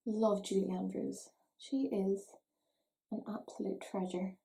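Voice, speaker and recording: A woman's voice: medium pitch, level tone, slow, creaky, warm tone, rough recording. A woman, chatting playfully and mocking herself while doing her makeup at home for a beauty vlog. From Ireland. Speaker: beauty vlogger. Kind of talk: casual makeup tutorial chat.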